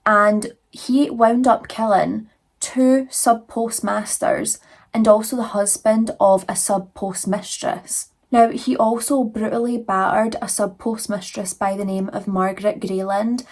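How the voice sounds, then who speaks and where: A young woman recounts a true crime case in a loose, chatty way, leaning on fillers and little asides. Her voice has a soft, breathy husk to it, sitting at an ordinary middle pitch. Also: steady tone, measured pace. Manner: chatty, conversational, many fillers. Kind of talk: casual true crime retelling.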